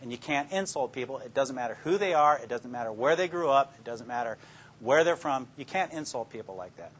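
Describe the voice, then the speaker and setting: A man's voice: medium pitch, expressive, a little fast, slight background noise. An older man, a police detective, telling law students plainspoken stories about interrogating suspects. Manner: folksy, plainspoken storytelling that acts out his own interrogation lines. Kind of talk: anecdotal talk to an audience.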